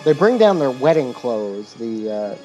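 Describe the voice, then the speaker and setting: Man, mellow dark voice, hesitant, dull lo-fi sound. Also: medium pitch, big pitch swings, faint music behind. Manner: hesitant, pauses with "uh". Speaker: podcast co-host. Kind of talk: casual film review chat over beers.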